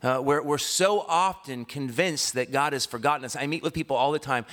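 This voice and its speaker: A man in his thirties preaches, moving from a loose, chatty anecdote to fervent, emphatic scripture reading. His voice sits in a middle pitch range. He talks easily and directly to the congregation. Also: moderate pace, few pauses, fairly bright tone. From Washington State, US. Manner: conversational storytelling that builds to fervent preaching. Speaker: pastor. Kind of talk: sermon with personal story.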